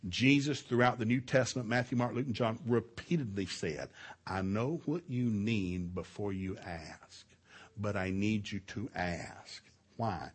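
A middle-aged man preaching at a marriage seminar, telling loud, animated family stories between scripture readings. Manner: loud and animated, with big jumps in pitch and volume and laughter at his own stories; folksy storytelling mixed with scripture reading. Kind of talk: sermon.

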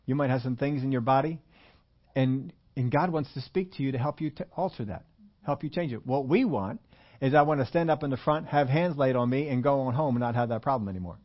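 A man's voice: medium pitch, fairly quick, dull audio. An older man preaching a sermon in a church, talking in a folksy, conversational way with many repetitions. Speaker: pastor.

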